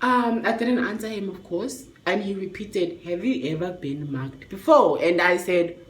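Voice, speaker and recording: A young woman telling a storytime vlog in a chatty, expressive way, with slang and swearing. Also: lowish voice, measured pace. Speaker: vlogger. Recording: echoey room.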